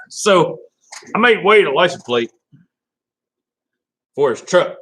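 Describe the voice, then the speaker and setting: A man's voice: high-pitched, lively intonation, slow pace, long pauses, fairly bright tone, low-quality recording. A man hosting a casual live stream, rambling and laughing as he talks to viewers by name.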